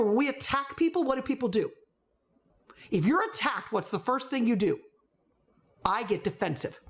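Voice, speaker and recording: A middle-aged woman coaching teachers in a playful, animated way, often acting out the voices she quotes. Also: mid-range voice. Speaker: teacher trainer.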